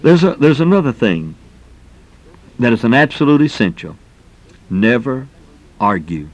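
A man's voice: medium pitch, big pitch swings, measured pace. Middle-aged preacher man, folksy and punchy, keeps saying man, medium voice. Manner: folksy and emphatic, exclamations of "man". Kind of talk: sermon.

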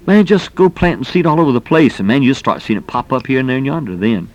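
A man's voice: medium pitch, expressive, fast talker. A middle-aged man preaching a sermon in a folksy, emphatic way, peppering his talk with exclamations.

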